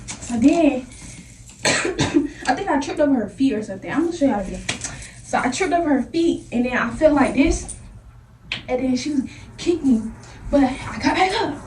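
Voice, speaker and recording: A young woman in a casual storytime vlog, animated and slangy, acting out the scenes as she talks. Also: high-pitched, moderate pace, background noise. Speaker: vlogger. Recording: echoey room, voice from a distance.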